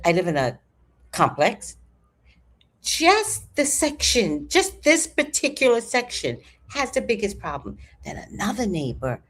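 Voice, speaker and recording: A woman in her fifties telling a story to her viewers in an animated, chatty way, swearing freely. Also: on the low side, slightly rough. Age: 50s. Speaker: vlogger. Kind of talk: casual storytelling to camera.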